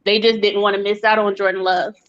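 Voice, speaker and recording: A woman's voice: mid-range voice, level tone, a little fast, no echo. Giggly woman caller on a dull line. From Kansas. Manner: chatty, giggly. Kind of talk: casual sports chat.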